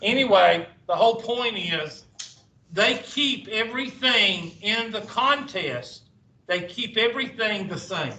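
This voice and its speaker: A man's voice: sits high, bright, forceful tone. Sarcastic man teaching a class. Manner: sarcastic, rambling asides. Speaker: math teacher. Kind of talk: classroom lecture. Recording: echoey classroom from far off.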